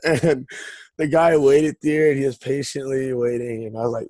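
A man's voice: mid-range voice, fairly quick, warm tone, no echo. A man telling his life story in a loose, rambling way, with lots of restarts and fillers. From Northern California. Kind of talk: casual storytelling.

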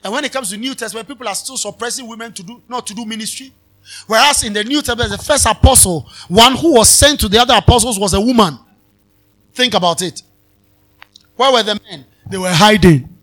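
A man preaching a sermon as pastor at a live convention, repeating phrases and swinging between soft talk and shouts. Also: high voice, a little fast.

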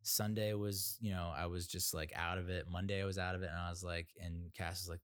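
Low-voiced dude rambling and cussing, dry close sound. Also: male voice, level tone, fairly quick, few pauses, a bit bright, clear, resonant tone, no room sound. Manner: rambling, profane, self-mocking. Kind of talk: casual storytelling monologue.

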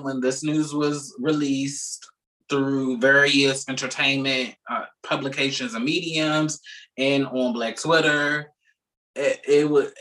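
A man co-hosting a podcast, reading a news article aloud in a brisk way with casual asides between passages. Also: medium pitch, pushed and bright, distant mic, low-quality recording. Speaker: podcast co-host.

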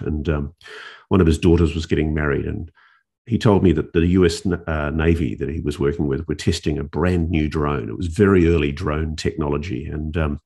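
Gravelly, deep-voiced male journalist. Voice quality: gravelly, husky. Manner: animated, with restarts and dramatic pauses. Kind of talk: storytelling in an interview.

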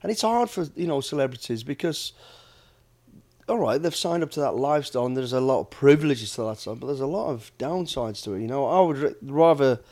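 Blunt middle-aged british man, casual podcast storyteller, swears freely, mid pitch. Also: expressive, fairly quick, a little mellow. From United Kingdom. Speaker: podcast host, former soldier and bodyguard.

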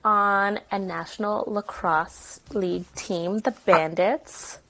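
A woman's voice: mid-range voice, fairly even intonation, takes it slowly, bright, forceful tone, a little hiss or hum. A young woman from New York co-hosting a podcast in casual chat, teasing her co-host with dry quips.

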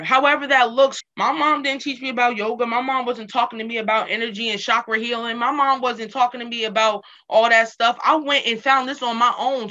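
A woman speaks in an earnest, emphatic way, often repeating a phrase to press it home. Her voice is bright and sits a little high. She sounds like an interview guest sharing hard-won advice. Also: muffled recording. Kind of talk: casual motivational talk.

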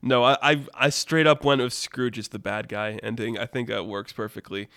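A man hosting a casual storytelling podcast, animated and laughing often, with lots of "like". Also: medium pitch, normal speed, clean tone, no room sound, studio quality. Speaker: storyteller host.

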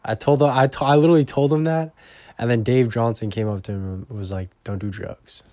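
A man's voice: mid-range voice, fairly even intonation, fast talker, warm tone, no room sound. A young man vlogging in a rambling, profane casual monologue that often trails off into mumbles.

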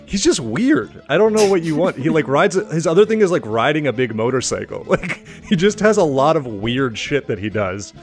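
A man co-hosting a casual chat podcast, animated and laughing as he jokes. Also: fairly high pitch, brisk, few pauses, soft background music. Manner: animated, laughing, does silly quoted voices. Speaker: podcast co-host.

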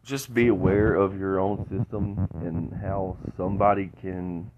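A man talking alone into his podcast, stuffy from a cold, halting and often repeating words. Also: deep voice, steady tone, narrow, tinny audio, background noise. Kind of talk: solo monologue.

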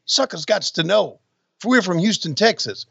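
A man's voice: sits high, big pitch swings, vocal fry, sharp tone, husky, dry recording, dull audio, pitched above the performer's own voice, heavily acted. A man putting on the voice of a boastful, profane male wrestler cutting a promo. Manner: boastful, profane, rapid-fire. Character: brash trash-talking male wrestler.

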